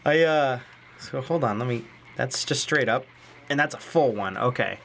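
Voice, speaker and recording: A young man giving casual commentary while he plays a video game. He gets excitable, talks to the characters on screen and repeats phrases. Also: mid-range voice, normal speed, vocal fry, a little hiss or hum. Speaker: let's play host.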